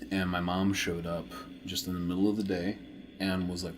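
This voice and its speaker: A man in casual chat, telling stories from his childhood at an easy, relaxed pace. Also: low-pitched, normal speed, a little hiss or hum. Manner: relaxed storyteller, laughs easily. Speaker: co-host.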